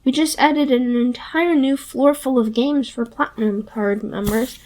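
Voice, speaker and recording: A woman voicing a smooth, coaxing male hotel bellhop who speaks softly and ingratiatingly. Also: high-pitched, fairly even intonation, measured pace, low-quality recording.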